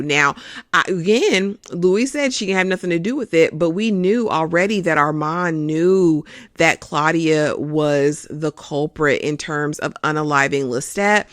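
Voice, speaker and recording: Chatty show host, expressive casual recap, mid-pitched voice, dry close sound. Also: measured pace, no echo. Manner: chatty and expressive, calls listeners honey.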